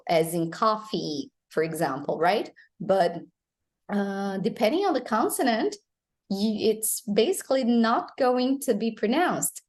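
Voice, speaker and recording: A woman with a Brazilian Portuguese accent teaching English pronunciation, explaining slowly and modeling phrases for students to repeat. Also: medium pitch, very animated, a little mellow. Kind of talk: pronunciation lesson.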